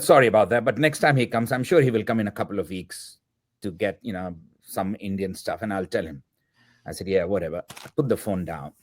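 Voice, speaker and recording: A man in his fifties, a filmmaker guest, telling a personal story and acting out the dialogue as he goes, with the odd filler word. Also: lowish voice. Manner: acts out quoted dialogue in the telling; reflective, with filler words. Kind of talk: anecdotal storytelling.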